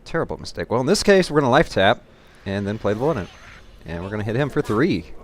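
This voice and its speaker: A man giving live commentary on his own card game, thinking his moves through aloud and getting excited or laughing at his own mistakes at his home computer. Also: mid-range voice, quick pace, slight background noise. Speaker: gameplay commentator.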